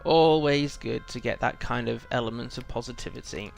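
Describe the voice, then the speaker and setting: A man's voice: mid-range voice, normal speed, gravelly, over music. A man casually commenting on a game while playing, rambling and correcting himself with little chuckles. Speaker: gaming channel host.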